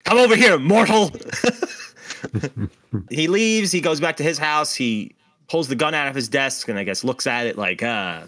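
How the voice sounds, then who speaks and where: A man co-hosting a podcast, chatting casually in a jokey, animated way and swearing freely. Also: medium pitch, moderate pace. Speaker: podcast co-host. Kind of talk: casual chat.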